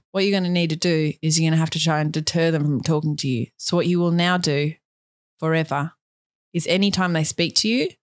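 A woman co-hosting a comedy podcast, chatting casually and laughing often as she rambles through a silly story. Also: low-pitched. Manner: playful, giggly, rambling storyteller. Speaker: podcast co-host.

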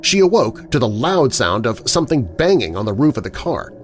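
A male narrator delivering scripted documentary narration with an animated, rising-and-falling pitch in a middle register. His delivery is measured and dramatic, like someone reading a spooky story aloud. Faint background noise sits under the voice.

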